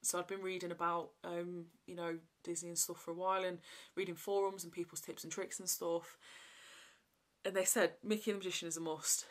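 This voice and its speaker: Mum rambling on to camera in her vlog, lots of you know and like, lowish voice. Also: level tone, brisk. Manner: rambling, chatty, lots of fillers. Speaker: vlogger. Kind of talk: casual chat to camera.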